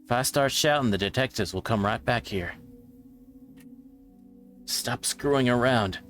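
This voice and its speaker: A man reading a visual novel aloud, voicing a frightened, defiant teenage girl who talks in a strained, panicked, shouting way. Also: medium pitch, unhurried, soft background music, lightly acted. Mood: angry, defiant.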